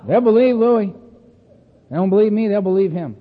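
A man sharing stories as a speaker at a recovery meeting, animated and chatty, often laughing and tagging his lines with "man" and "right?". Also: high-pitched, moderate pace. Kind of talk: storytelling talk. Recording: echoey hall over a tinny phone-like line.

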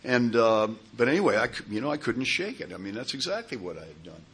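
A man telling his own recovery story to a group, in a halting way with repeated words and many fillers. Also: medium pitch, big pitch swings, a bit bright, breathy edge. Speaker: speaker sharing at a recovery meeting.

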